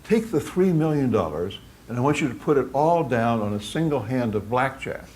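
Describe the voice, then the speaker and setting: A man voicing God in a joke as a booming, insistent male voice that gives slow commands. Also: big pitch swings, darkish tone, lightly acted. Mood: commanding.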